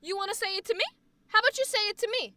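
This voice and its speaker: A woman's voice: very high-pitched, racing, heavy background noise, voice pushed up. A woman playing a brash young mom. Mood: confrontational. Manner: loud and confrontational. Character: brash protective young mother.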